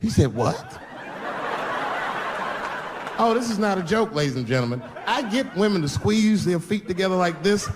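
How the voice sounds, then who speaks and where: A man's voice: sits high, fairly quick, few pauses. A man telling stories in a stand-up set. He jumps between his own voice and the voices of the people he quotes. A faint noise of the venue sits under his voice. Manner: animated storytelling, acting out both sides of phone calls. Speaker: stand-up comedian. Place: comedy venue with laughing audience.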